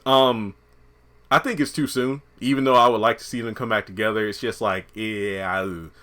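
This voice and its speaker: A man with a slightly low voice reviews a TV episode in a loose, chatty way. He jokes as he goes and lets the odd curse word slip. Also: fairly bright tone. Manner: chatty and joking, with casual profanity. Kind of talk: casual spoken episode review.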